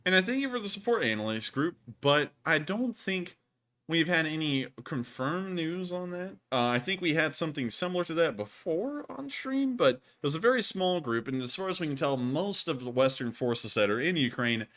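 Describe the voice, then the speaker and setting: A young man hosting a live news stream, talking in an excitable, rambling way with lots of "like". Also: a little high, normal speed. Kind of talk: casual live-stream chat.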